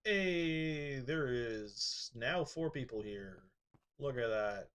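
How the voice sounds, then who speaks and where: A man's voice: medium pitch, expressive, slow pace, fairly bright tone. A man with a mid-range voice talking through his gameplay in a loose, casual way. He laughs a lot, scolds the creatures on screen and drops into muttered asides under his breath. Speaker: gaming streamer. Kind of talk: casual gameplay commentary, reading chat.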